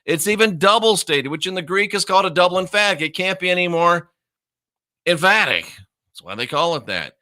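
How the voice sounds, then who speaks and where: Man, combative Bible teacher, mocking, repetitive emphasis, bright forceful voice, slightly high. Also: lively intonation, a little fast. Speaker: minister.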